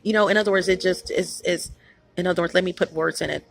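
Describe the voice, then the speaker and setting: A woman's voice: on the low side, steady tone, quick pace, creaky. A woman hosting her own channel, talking in a rambling, emphatic vlog monologue with many restarts, tired after being up all night. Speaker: channel host.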